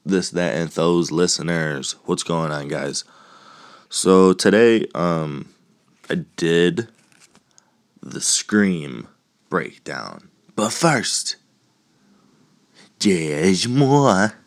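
Low-voiced guy doing a solo podcast, slow and loose, cracks himself up, bit of a cough. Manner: joking, rambling, laughs at own puns. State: lingering cough. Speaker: podcast host. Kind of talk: casual solo podcast chat.

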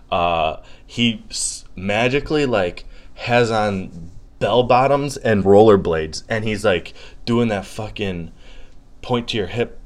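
Young man ranting profanely on a podcast. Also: sits low. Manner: profane, rambling, laughs often. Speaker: podcast host. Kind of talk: solo podcast rant.

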